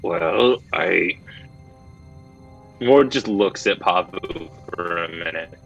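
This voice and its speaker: A man's voice: low-pitched, slow, creaky, fairly bright tone, muffled recording, faint music behind. A man playing a tabletop game, chatting casually and hesitantly as he searches for words. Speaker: player.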